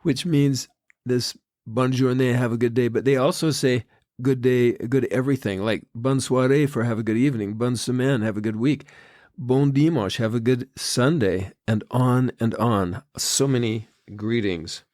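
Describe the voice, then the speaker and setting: An older man hosting a podcast, telling stories in a gentle, unhurried devotional talk. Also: medium pitch, no echo, clean studio sound. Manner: gentle, unhurried storytelling with quoted foreign phrases. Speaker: podcast host. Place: Tahiti.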